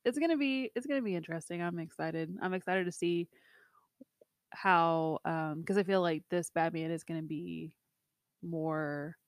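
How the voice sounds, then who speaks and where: A woman's voice: fairly low pitch, normal speed, no room sound. Chatty laughing woman, dry close sound. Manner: chatty, laughs often, lots of fillers. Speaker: co-host of a movie review show. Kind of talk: casual chat.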